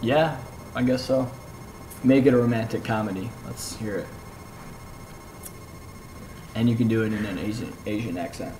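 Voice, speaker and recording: A woman's voice: a bass voice, normal speed, long pauses, warm tone, a little hiss or hum, poor audio. A young woman vlogging at home, chatting casually and playfully teasing as she prompts her partner to tell a story. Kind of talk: casual chat.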